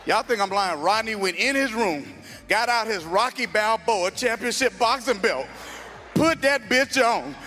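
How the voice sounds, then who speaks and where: A male stand-up comedian who tells stories loudly and with lots of animation, laughing through his own punchlines. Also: high-pitched, animated, unhurried, soft background music.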